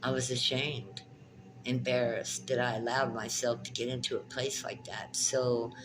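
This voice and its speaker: A woman's voice: very deep voice, little pitch movement, measured pace, noisy background. A woman giving a spiritual tarot reading in a vlog, talking in an emphatic, passionate way and often repeating her phrases. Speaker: tarot reader and spiritual teacher.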